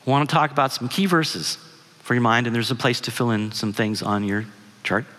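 A man's voice: mid-range voice, normal speed, a bit bright. A middle-aged man giving a guest sermon, telling a family story in a conversational way and asking the audience questions. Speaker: guest speaker. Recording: long hall reverb.

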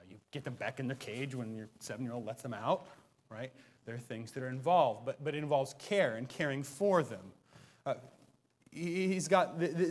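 A man in his thirties, a preaching pastor, giving a conversational sermon in church, moving from soft self-deprecating asides to loud, emphatic peaks. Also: a little high. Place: church sanctuary.

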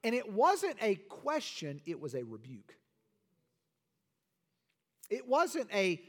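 A man's voice: sits high, wildly swooping pitch, slow, long pauses. A man preaching a sermon to his church with emphatic, rhetorical delivery. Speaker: pastor.

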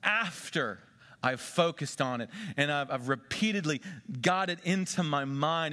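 Male pastor, thirties, animated preacher, bright edge, slightly high. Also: a little slow. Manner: animated, swings between loud excitement and hushed intensity. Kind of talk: sermon.

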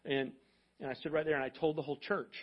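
A male pastor telling a story in a sermon, in a conversational way that moves between hushed and loud. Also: a little high, steady tone, fast, highs cut off. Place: church sanctuary.

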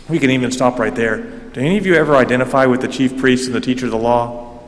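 A man preaching a sermon in a church, animated and emphatic, with frequent restarts, speaking into a microphone. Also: medium pitch, brisk, long reverb tail. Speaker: pastor. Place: church sanctuary. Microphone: handheld or stand microphone.

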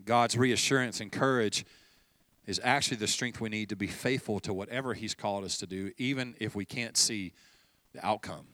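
A man preaching a sermon as pastor, telling stories in a relaxed, conversational way and acting out bits of dialogue. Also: lowish voice, normal speed, no echo. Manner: conversational storytelling, acting out dialogue with light laughs.

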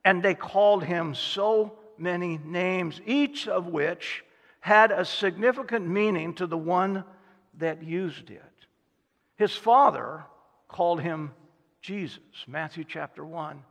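Taking it slowly, a man with a high, slightly bright voice and vocal fry delivers a sermon as a pastor in a big-sounding room. He tells stories and performs the voices of those he quotes.

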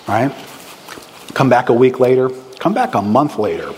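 A man preaching a sermon in a lively, conversational way, with bursts of excitement. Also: medium pitch, normal speed, a little hiss or hum. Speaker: pastor. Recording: reverberant hall with faint ambience.

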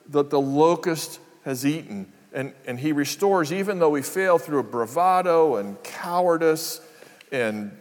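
Older man, pastor, earnest sermon, repeats phrases, slightly high voice, long reverb.

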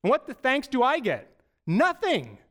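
A man's voice: sits high, fairly even intonation, normal speed, a bit bright, smooth, pitched above the performer's own voice. A man voicing a resentful older brother in a retold parable within a sermon. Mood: indignant. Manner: indignant, complaining.

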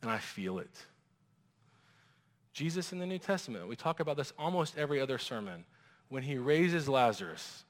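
A man preaching a sermon as a pastor, animated and acting out quoted voices. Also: a little high, brisk. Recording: long reverb of a large hall.

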